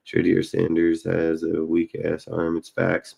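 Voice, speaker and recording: Streamer host, male, low gravelly voice, blunt and profane, heated fan rant. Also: completely flat delivery, a little slow, a little mellow. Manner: blunt, swearing, heated and repetitive.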